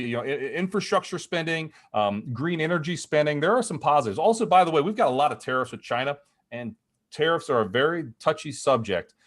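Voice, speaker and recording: Fast-talking man explaining markets on a video call. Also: medium pitch. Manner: energetic, talks fast with frequent restarts and acted-out quotes. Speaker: guest market strategist. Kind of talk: animated conversational explanation.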